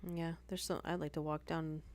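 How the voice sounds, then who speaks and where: A woman's voice: low-pitched, little pitch movement, moderate pace, darkish tone. A woman hosting a live stream, reading stories aloud and breaking off for chatty asides and apologies.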